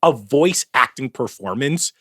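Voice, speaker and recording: A man co-hosting a casual podcast chat, talking in an animated, emphatic way and swearing casually. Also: medium pitch, unhurried, slightly rough. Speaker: podcast co-host.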